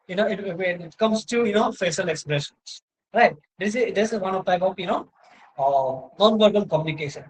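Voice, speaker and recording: A man's voice: sits high, low-quality recording. A male university lecturer with an Indian English accent, giving an online lecture into a laptop mic, rambling and checking in with "right?". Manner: rambling, repeats "you know" and "right?". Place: indoors at a laptop, video lecture. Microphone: laptop microphone.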